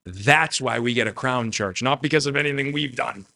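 A man preaching a sermon, addressing the congregation directly and swinging between loud emphasis and quiet asides. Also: medium pitch, moderate pace, vocal fry. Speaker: pastor.

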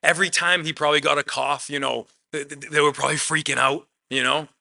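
A man preaching a conversational sermon, swinging between emphatic loud lines and quiet asides, often dropping "man" into his talk. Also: on the high side, fairly even intonation, quick pace, gravelly. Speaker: pastor.

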